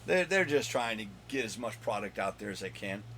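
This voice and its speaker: Chatty, slightly hoarse man hosting a comic countdown. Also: fairly low pitch, very animated, a little fast, pushed and bright, slight background noise. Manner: rambling and chatty, jokes with his son off camera. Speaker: comic collector and channel host. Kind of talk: casual video countdown of comic finds.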